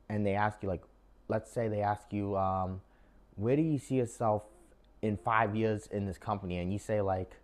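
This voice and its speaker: Talking casually to camera, this young man offers job interview tips in a fairly low, darkish voice, steady and at normal speed. He rambles chattily, peppers his talk with "like" and "um," and addresses his audience as guys.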